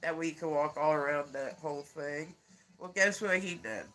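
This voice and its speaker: A man's voice: a little high, moderate pace, a bit bright. A man casually chatting on a livestream, rambling and laughing often while congested with a stuffy nose. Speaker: livestream host.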